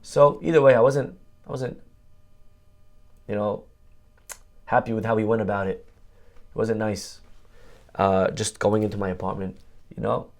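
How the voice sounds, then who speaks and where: A middle-aged man giving a sermon as a rabbi, telling a personal story in an animated, conversational way. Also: fairly low pitch, moderate pace, gravelly, long pauses.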